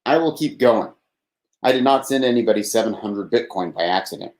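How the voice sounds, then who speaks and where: A man's voice: fairly low pitch, lively intonation, fairly quick, darkish tone, echoey room. A man from Texas hosting a live nightly call-in show, rambling and laughing as he talks casually. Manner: rambling, laughs often, swears. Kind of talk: casual live-stream monologue.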